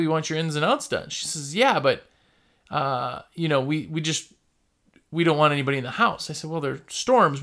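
A man's voice: fairly high pitch, gravelly, bright, forceful tone. A man who runs a window cleaning business, giving casual, jokey advice and telling stories with quoted customers.

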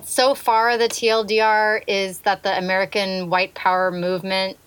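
A woman co-hosting a relaxed podcast conversation. She chimes in often with quick words of agreement and talks openly when it is her turn. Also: medium pitch, clear, resonant tone, dry recording. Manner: agreeable, backs others up with quick affirmations. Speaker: podcast co-host. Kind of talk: casual chat.

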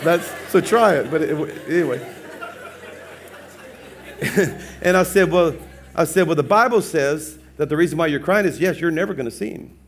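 A man preaching as a pastor, telling a funny personal story with lively, laughing acted-out dialogue. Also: a little high, normal speed, long pauses, a faint crowd. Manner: animated, humorous, acts out dialogue with laughs. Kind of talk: sermon storytelling.

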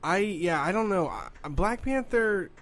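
A man's voice: high-pitched, very animated, measured pace, fairly bright tone. Blunt offhand male co-host. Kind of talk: casual radio talk.

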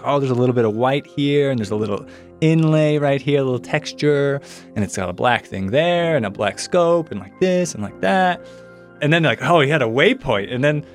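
A young man telling a personal story in a casual, rambling way, full of "like" fillers and acted-out quotes. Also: fairly low pitch. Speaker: son of a missing hunter, guest.

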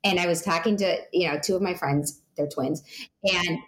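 A woman's voice: fairly low pitch, moderate pace. A woman in her thirties, an interview guest telling a personal story in a rambling way, full of "you know" and restarts.

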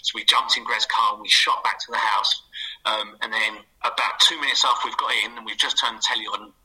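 Middle-aged guy rattling off a funny story, breathy voice, bright tone. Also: fairly low pitch, rough recording. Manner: fast, animated storytelling with playful quoted voices. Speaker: guest, former footballer. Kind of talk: storytelling anecdote on a radio show.

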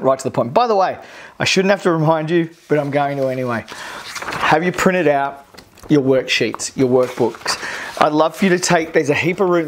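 An Australian presenter delivering a recorded online course lesson. The delivery is energetic and repetitive, hammering key phrases and acting out crowd cheers to make a point. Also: medium pitch.

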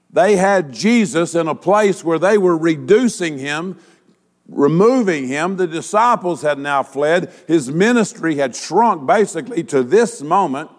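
A male pastor delivering a sermon, asking rhetorical questions and using dramatic pauses. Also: on the high side, long reverb tail.

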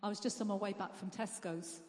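A woman's voice: mid-range voice, fairly even intonation, brisk, a little mellow. A woman giving a casual church testimony, telling the story chattily and quoting others along the way. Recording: echoey hall, live church mic.

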